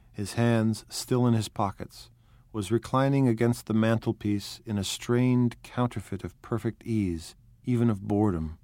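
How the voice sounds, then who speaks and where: A man narrates a novel in a steady, measured, unhurried way. His voice sits low, recorded close with a dry, dead sound. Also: dry recording. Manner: measured, even, unhurried reading. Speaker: audiobook narrator. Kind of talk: scripted narration.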